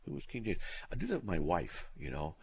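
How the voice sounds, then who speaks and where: Man, middle-aged, radio host, call-in show, blunt, dry humor, low voice, lively intonation. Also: a little fast, vocal fry, breathy edge. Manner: blunt and plain-spoken, with dry teasing humor. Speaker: radio host answering listener questions. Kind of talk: live call-in radio talk.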